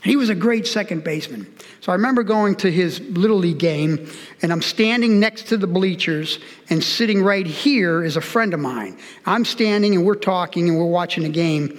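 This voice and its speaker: Older male pastor in his 60s, high-pitched, earnest sermon delivery, long echo of a church hall. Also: normal speed. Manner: earnest, personal storytelling, direct appeals to listeners.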